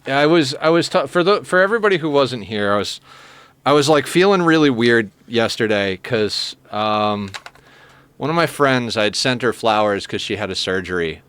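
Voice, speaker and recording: A man's voice: mid-range voice, animated, moderate pace, clean tone. A man streaming a game, chatting casually with his viewers in a heartfelt, emotional way. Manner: heartfelt, soft-spoken, emotional.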